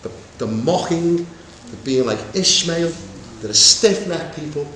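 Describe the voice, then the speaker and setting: Man, preacher, high voice, animated Bible teaching, echoey room, faint background hum. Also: measured pace. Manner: animated, acts out voices of God and Moses. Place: meeting room with congregation.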